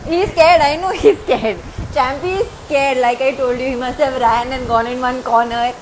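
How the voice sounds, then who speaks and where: Woman, casual live-stream chat, coaxing baby talk to a dog, high and unhurried, rain noise behind. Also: steady tone, rough recording. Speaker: live streamer chatting with fans. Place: at home by the rain.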